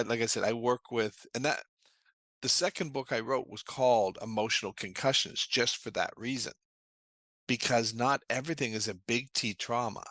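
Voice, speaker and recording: A man's voice: mid-range voice, a bit bright, dry recording. A man being interviewed as a trauma therapist, explaining earnestly and telling anecdotes in a conversational way.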